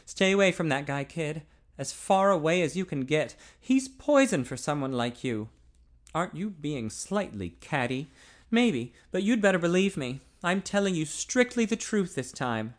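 A man reading a novel aloud, voicing an intense, earnest young man in a higher, louder, pleading voice. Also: sing-song, normal speed. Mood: warning. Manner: urgent, pleading, higher and louder than the narration.

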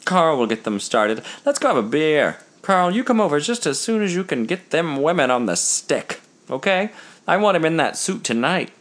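A man voicing a self-assured, jovial man who talks in a loud, teasing way. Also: on the high side, very animated, normal speed, voice pushed up. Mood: casual.

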